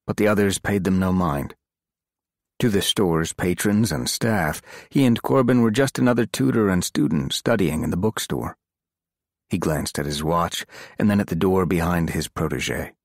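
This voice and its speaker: A man narrating a thriller audiobook in a measured, dramatic reading. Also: deep voice, no room sound, studio quality. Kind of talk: scripted narration.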